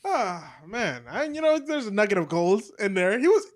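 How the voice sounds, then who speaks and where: A laid-back podcast co-host in casual chat with friends. The voice swings widely in pitch and drops into relaxed, casual swearing. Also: moderate pace.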